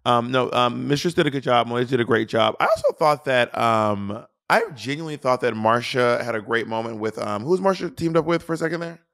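A man's voice: medium pitch, gravelly, a bit bright, dry recording, studio quality. A man co-hosting a casual review podcast over a video call, teasing and restarting his sentences often. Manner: playful, teasing, halting with many restarts. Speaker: podcast co-host.

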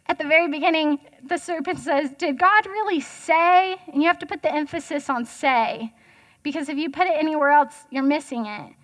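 Chatty high-voiced woman preaching. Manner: chatty, jokey, asks the audience questions. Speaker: guest speaker. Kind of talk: casual sermon.

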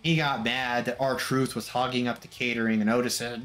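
Barely pausing, a man talks fairly fast in a medium-pitched, slightly bright voice as he recaps wrestling matches. The game commentary is casual and wry, full of mock quotes, with background music under it.

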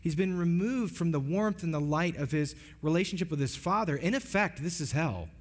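A man's voice: fairly high pitch, lively intonation, normal speed. A man preaching a sermon as pastor, earnest and emphatic, often restarting his phrases. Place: church sanctuary. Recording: long hall reverb.

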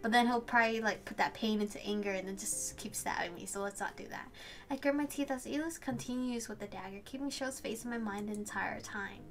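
Bright-voiced woman gushing over a game. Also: on the high side. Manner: excitable, gushing, swears and laughs at the story. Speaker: let's play host. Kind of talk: reading a visual novel aloud with reactions.

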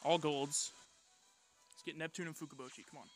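A man muttering quiet, pleading reactions while pulling characters in a mobile game, swearing as he goes. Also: fairly high pitch, fairly even intonation, a little fast, faint music behind. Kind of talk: gacha pull reaction commentary.

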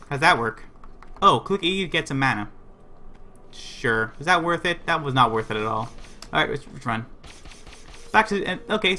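A man streaming a game and narrating every move in an animated, rambling way. His voice sits on the high side and sounds bright, and it swings up and down constantly. Faint game music plays behind him. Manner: animated, rambling play-by-play talking to himself and chat. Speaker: livestreamer. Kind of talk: live gameplay commentary.

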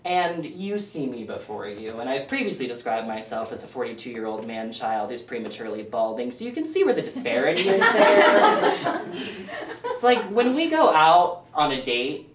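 A man performing a self-deprecating stand-up set with deadpan asides for a small audience in a living room. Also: medium pitch, moderate pace, reverberant, far from the mic, background noise. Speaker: stand-up comic.

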